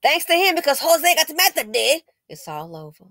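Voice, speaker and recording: A woman talks through a news story in a casual, indignant way, scolding and tossing out sarcastic exclamations. Her pitch swings widely from low mutters to high whoops. The recording is dry, with no room sound. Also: big pitch swings, moderate pace, sharp tone, no room sound. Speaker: commentator.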